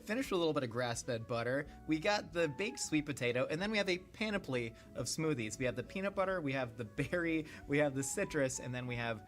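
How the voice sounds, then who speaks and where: A man's voice: fairly high pitch, expressive, fast, few pauses. A male host, upbeat and jokey, presenting food and interviewing a guest.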